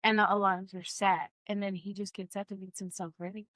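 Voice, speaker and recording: Bright-voiced woman, blunt casual chat. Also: mid-range voice, brisk, dry recording, poor audio. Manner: blunt and profane, lively storytelling. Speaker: podcast co-host.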